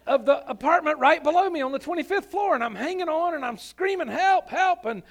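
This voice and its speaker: A man's voice: extremely high pitch, expressive, fast talker, pitched above the performer's own voice. A pastor voicing a panicked man in a joke, breathlessly recounting how he fell from a balcony. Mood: frantic.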